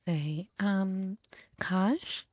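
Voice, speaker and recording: A woman takes her turn in a tabletop game, speaking slowly and hesitantly, sometimes dropping to a whisper. Her voice is dry and slightly dull, like a home microphone. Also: mid-range voice, no room sound. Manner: soft-spoken, hesitant, slips into whispers. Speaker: player. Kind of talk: casual tabletop role-play.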